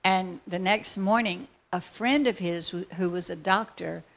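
A woman telling a faith testimony as a lively, excitable story. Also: fairly low pitch, measured pace. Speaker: speaker sharing a faith testimony.

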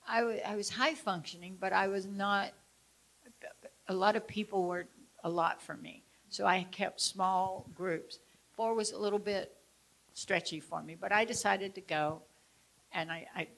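Expressive woman telling a personal story. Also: mid-range voice, gravelly. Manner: expressive storyteller, shifting between loud and hushed. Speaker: speaker teaching about traumatic memory. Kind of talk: personal story within a lecture.

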